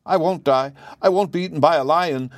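A man's voice: medium pitch, lively intonation, normal speed, dry recording, lightly acted. A man voicing an older country wife in a storybook reading, anxious and wailing in a raised voice. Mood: terrified.

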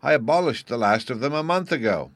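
A gentle, unbothered ruler speaks mildly in a slightly raised voice, as a male reader does him. He shrugs off trouble in a calm storybook reading. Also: medium pitch, a little fast, no echo, pitched above the performer's own voice. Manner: mild and unconcerned. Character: mild, easygoing male warden, gentle ruler.

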